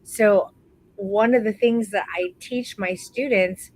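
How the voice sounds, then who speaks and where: A woman hosting a live online photography class, talking warmly and encouragingly to her students, calling them "baby" and stretching out words for emphasis. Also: medium pitch, slow, low-quality recording. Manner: warm encouraging, calls people baby. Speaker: photography course instructor.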